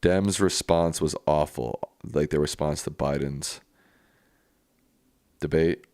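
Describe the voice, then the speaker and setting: The recording is close and dry, free of room echo, as a man with a very low, darkish voice hosts a live stream. He reads viewer comments and gives unpretentious, casual answers at a slow pace.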